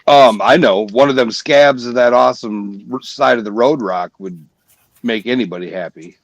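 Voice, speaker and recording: A man's voice: medium pitch, normal speed, dry recording. Man, panel guest, casual chat, teasing, dry dull lo-fi sound. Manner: joking, teasing.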